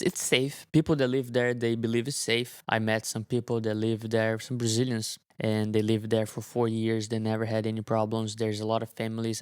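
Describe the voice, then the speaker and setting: Man, vlogger, earnest halting storytelling, flat delivery, mid pitch, dry close sound. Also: clean tone, no room sound. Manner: earnest, halting with fillers and restarts. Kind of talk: casual storytelling to camera.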